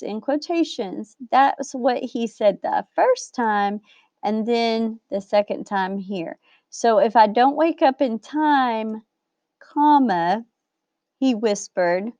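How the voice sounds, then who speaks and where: Woman teacher, fairly high voice, patient step-by-step explaining, dull lo-fi sound. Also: darkish tone, no room sound. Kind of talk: recorded grammar lesson. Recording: dull lo-fi dry recording.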